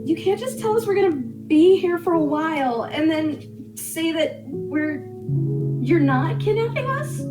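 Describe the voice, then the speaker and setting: A woman's voice: animated, a little slow, over music. Woman voicing an upset, pleading young woman. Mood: distressed. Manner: high, pleading, distressed.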